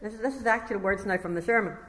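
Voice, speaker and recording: A woman's voice: mid-range voice, fast, fairly bright tone. A woman preaching a sermon, reading a testimony aloud and breaking off for conversational asides. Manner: conversational asides between passages read aloud. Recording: echoey hall reverb.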